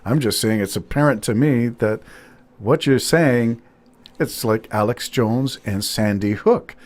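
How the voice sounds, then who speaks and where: A man's voice: medium pitch, a little slow, a little mellow. A retired man co-hosting a casual talk show, joking and easygoing. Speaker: podcast co-host. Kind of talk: casual chat.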